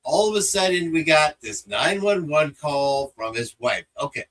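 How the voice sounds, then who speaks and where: A man co-hosting a casual chat show, joking and animated. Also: a little high, moderate pace, poor audio. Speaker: co-host.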